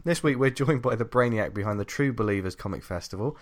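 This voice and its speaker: A man's voice: on the low side, fast. A man hosting a casual podcast, teasing his guests and laughing often. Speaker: podcast host.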